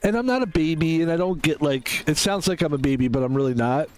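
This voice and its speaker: A male streamer talking off the cuff during a game. His voice sits a bit high and swings widely up and down, and he rambles from thought to thought with a self-mocking, foul-mouthed streak. The talk is loose and unscripted. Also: expressive, quick pace, a little mellow. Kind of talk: casual chat while gaming on stream.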